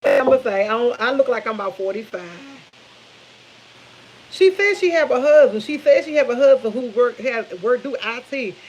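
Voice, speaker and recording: A woman's voice: on the high side, normal speed, muffled recording. Fifty-something woman, casual storyteller cooking in her kitchen, faint sizzle behind. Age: 50s. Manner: chatty, animated storytelling with laughs, addresses viewers as y'all. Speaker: vlogger. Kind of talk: casual chat. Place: home kitchen while cooking.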